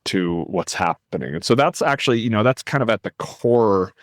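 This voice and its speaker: A man talking as a podcast guest, animated and rambling, often cutting himself off to restart a thought. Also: lowish voice, normal speed, no echo, studio quality. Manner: animated, rambling, self-interrupting. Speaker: guest, nonprofit founder. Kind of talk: casual podcast conversation.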